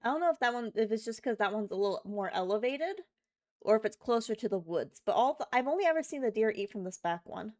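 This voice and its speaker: Bubbly woman streamer, lively voice. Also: fairly high pitch, fast, no room sound, clean studio sound. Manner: chatty, bubbly, thinks aloud with fillers. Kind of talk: casual live-stream chat while gaming.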